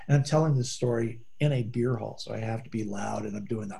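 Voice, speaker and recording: A man's voice: mid-range voice, fast talker, creaky, hardly any pauses, mellow, slightly rough. A man co-hosting a casual podcast, telling rambling anecdotes and slipping into voices for the people in them. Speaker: podcast co-host. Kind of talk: casual chat, storytelling.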